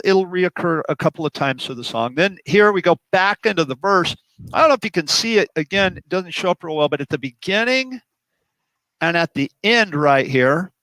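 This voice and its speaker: A fairly high-voiced middle-aged man teaching drums, walking through a song chart step by step. He counts the beats out loud as he explains. The sound is close and dry, with no room around it. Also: no room sound, poor audio. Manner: explanatory, counts beats aloud while demonstrating. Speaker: drum teacher.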